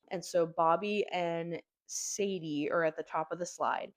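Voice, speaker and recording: A young woman with a somewhat low-pitched voice tells a story in a relaxed, casual way. She fills her sentences with "like" and slang, and she breaks into quick impressions of the characters as she recaps the plot. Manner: slangy, filler-heavy storytelling with lots of "like"; animated, acts out characters' lines. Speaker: book reviewer.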